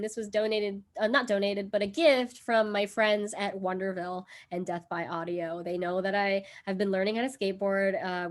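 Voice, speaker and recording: A woman hosting a casual live cooking stream from home, chatty and giggly with lots of fillers. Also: mid-range voice. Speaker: livestream cooking host. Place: home in Brooklyn.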